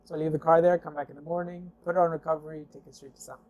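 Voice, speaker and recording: A man's voice: on the high side, very fast. A man casually telling a story, acting out the dialogue with lots of "I'm like" and fillers. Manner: animated storyteller who acts out dialogue; conversational, with frequent fillers and "I'm like". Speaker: guest telling car stories. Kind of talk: casual spoken anecdote.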